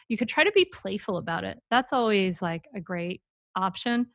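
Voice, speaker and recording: A woman's voice: mid-range voice, lively intonation, moderate pace, no echo. A woman hosting an on-air coaching call as a parenting coach, talking in a playful, demonstrative way and acting out examples.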